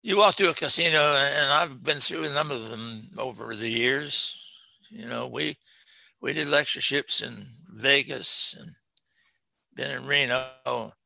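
A man preaching a sermon, reading scripture with slow, emphatic stress and talking to his congregation. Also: medium pitch, creaky, sharp tone, dry recording.

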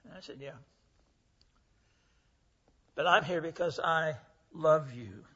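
Taking it slowly, a man in his 80s speaks in a slightly high voice with a sharp tone and a breathy edge. His sermon is folksy and earnest, full of stories in which he acts out the voices he quotes. The audio is muffled and lo-fi.

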